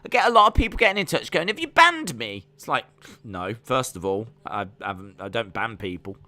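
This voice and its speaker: Chatty English man, bright voice. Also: on the low side, wildly swooping pitch, a little fast, no room sound. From England. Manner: rambling, self-deprecating, frequent restarts. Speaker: wrestling watch-along streamer. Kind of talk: casual live-stream chat reading viewer comments.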